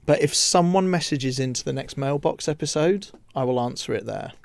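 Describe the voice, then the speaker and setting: A man's voice: medium pitch, a little fast, gravelly, dry recording. A man from the UK co-hosting a radio show's podcast, chatting casually and laughing as he tells studio stories. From United Kingdom. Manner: animated, laughs while telling stories. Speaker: radio co-host.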